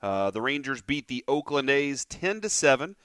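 A man's voice: medium pitch, very animated, moderate pace, fairly bright tone, no echo. A man co-hosting a sports radio show, joking and chatting casually while eating.

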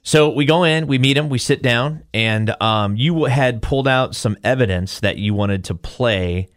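A man's voice: mid-range voice, a little slow, dry recording, studio quality. A male podcast host retells a story casually, acting out quotes as he goes. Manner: animated retelling, acts out quotes.

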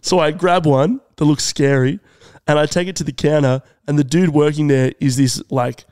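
A young man telling a comedic story on a podcast in an animated, drawn-out way. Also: a little high, smooth, no room sound. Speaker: podcast co-host.

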